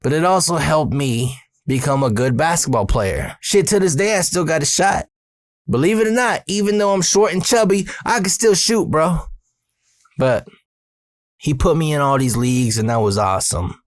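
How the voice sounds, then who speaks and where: A man's voice: a little high, moderate pace, no echo. Profane casual storyteller man, dry sound. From Arizona, USA. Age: 30s. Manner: profane, streetwise slang, animated when excited. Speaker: storyteller host.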